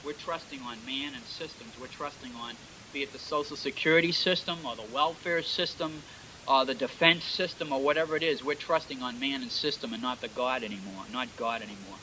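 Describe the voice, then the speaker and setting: A man's voice: medium pitch, a little fast, sharp tone, a little hiss or hum, low-quality recording. A man preaching a sermon in an emphatic style, peppered with amens and praise interjections.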